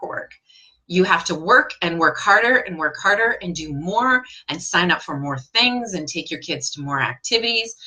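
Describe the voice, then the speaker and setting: A woman leads a live online English lesson, her tone bright and clear while her pitch sits a little low. She reads viewers' comments aloud and answers with encouraging, direct questions. Her pitch leaps up when she praises someone.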